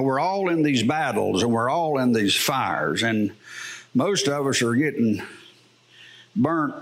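This pastor's medium-pitched voice has a bit of brightness to it. Preaching to his congregation, he shares down-to-earth stories in a farmer's simple speech, punctuated by regular chuckles.

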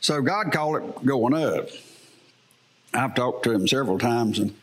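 A man's voice: medium pitch, expressive, normal speed. Folksy farmer preacher man. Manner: folksy storytelling with laughs. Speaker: pastor. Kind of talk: sermon. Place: church.

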